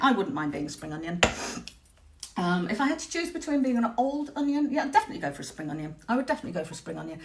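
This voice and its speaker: A middle-aged woman teaches a live craft workshop from her home studio, her fairly high voice swooping up and down as she chats. She rambles into self-mocking jokes, and a faint hiss sits under the recording. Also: a bit bright. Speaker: textile art teacher.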